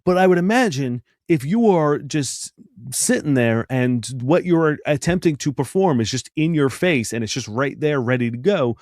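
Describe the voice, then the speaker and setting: A man's voice: on the high side, lively intonation, moderate pace, a little mellow, no room sound. Wry guy on a podcast reading listener mail, voice jumps around a lot, dead dry room. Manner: wry, mocks people with put-on quotes. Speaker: podcast co-host. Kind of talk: casual chat, reading listener letters aloud.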